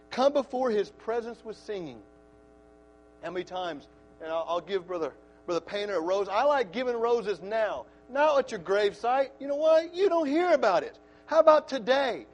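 A middle-aged man preaching a sermon in church, excitable and folksy, breaking into shouts. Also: high-pitched, moderate pace.

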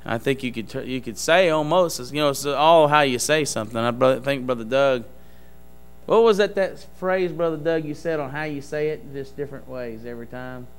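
A man giving an earnest testimony in a church service, speaking in a halting, emphatic preaching style. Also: medium pitch, clear, resonant tone.

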